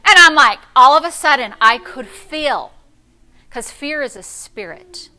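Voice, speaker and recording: A middle-aged woman pastor preaching a sermon, telling a story with sassy, animated delivery that swings from hushed to loud. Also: sits high, measured pace.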